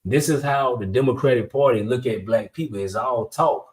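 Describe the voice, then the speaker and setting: A man hosts a political commentary channel in a blunt, slang-filled style. He talks directly to his viewers at an ordinary, middling pitch. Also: normal speed. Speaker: channel host.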